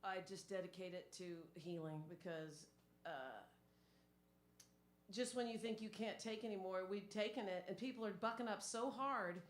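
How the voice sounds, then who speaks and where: A woman's voice: mid-range voice, roomy sound, slight background noise. A woman singer-songwriter bantering playfully between songs on a music club stage. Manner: joking, playful, quick asides. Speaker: singer-songwriter performing live.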